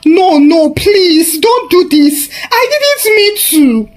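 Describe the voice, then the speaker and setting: A woman's voice: sits high, sing-song, slow pace, voice pushed up, heavily acted. A woman voicing a desperate middle-aged mother who begs and weeps for her life. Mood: pleading, tearful. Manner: begging, tearful.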